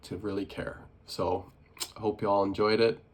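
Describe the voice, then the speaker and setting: A man's voice: on the low side, level tone, moderate pace. A young man vlogging casually and earnestly about his life, rambling with many restarts and fillers. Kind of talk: casual personal vlog reflection.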